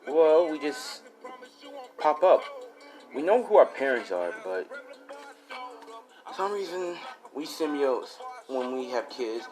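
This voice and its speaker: A man voicing a wary, protective female alien symbiote in a spoken fan story, speaking softly over background music. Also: on the high side, very animated, slow pace, pauses often. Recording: music playing behind.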